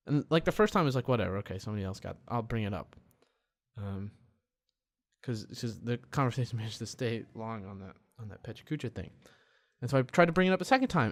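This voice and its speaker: A young man hosting a solo podcast, rambling in a frustrated, profane way with many restarts, talking quietly in a dark room. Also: mid-range voice, animated, quick pace. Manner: tends to talk quiet. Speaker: podcast host.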